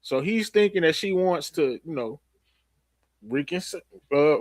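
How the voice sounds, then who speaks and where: A man hosting a casual live-stream show chat, recapping a TV episode in an animated storytelling way. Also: fairly high pitch, a little slow, dry recording. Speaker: host.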